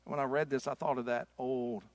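A man preaches a sermon in a voice of middling pitch. He swings between loud, forceful stretches and quiet, slow passages, and the sound is dry and close. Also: level tone, no room sound. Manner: preaches with rising intensity, then soft and slow. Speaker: pastor.

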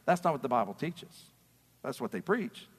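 A man preaching a sermon as a pastor, passionate and swinging between quiet talk and shouting. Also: mid-range voice, big pitch swings, moderate pace, breathy edge, big-room sound. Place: church sanctuary.

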